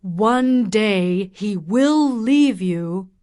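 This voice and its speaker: A stern middle-aged father and doctor, read by a woman. He speaks gravely, at an extremely slow, deliberate pace, as if every word is a warning. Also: medium pitch, animated, darkish tone.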